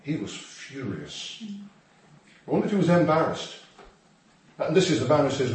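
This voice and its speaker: Male preacher, chatty and joking, recorded from afar in a booming hall. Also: sing-song, normal speed, a little mellow. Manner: humorous, conversational, with asides and acted quotes. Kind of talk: sermon. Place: church hall. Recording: echoey hall, distant mic, faint noise.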